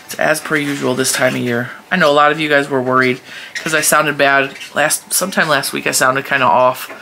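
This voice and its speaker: Her voice is bass-deep, gravelly and sharp, with fairly even intonation and a fairly quick pace, plus a little hiss or hum on the recording. She's a crochet vlogger rambling chattily at her desk, laughing a lot and stuffy from allergies.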